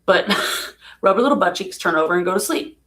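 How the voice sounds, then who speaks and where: A woman talking casually on a home live stream about a painful loss, emotional and soft-spoken, laughing through sadness at times. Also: lowish voice, expressive, brisk. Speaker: vlogger.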